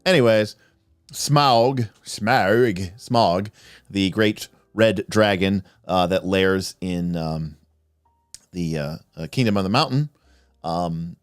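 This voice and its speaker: Chatty low-voiced male stream host. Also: slow, smooth, dry recording, studio quality. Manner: rambling, many fillers and restarts, chuckling. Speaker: livestream host. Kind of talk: casual chat answering viewer questions.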